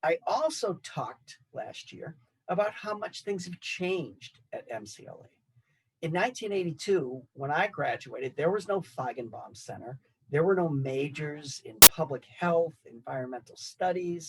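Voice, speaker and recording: An older man in his sixties speaks to graduates with a husky, somewhat raised voice. He delivers prepared remarks in a measured, reflective way and sets out his lists phrase by phrase. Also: on the high side, animated, fairly bright tone, low-quality recording. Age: 60s. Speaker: alumni association speaker. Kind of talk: prepared commencement speech.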